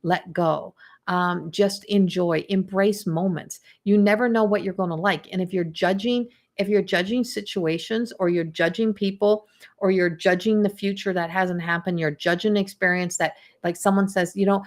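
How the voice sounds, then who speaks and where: A woman's voice: medium pitch, moderate pace. Lady in her middle years doing a live astrology reading, chatty, loops back and repeats stuff. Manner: chatty, repeats herself, acts out quoted inner voices. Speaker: astrology reader.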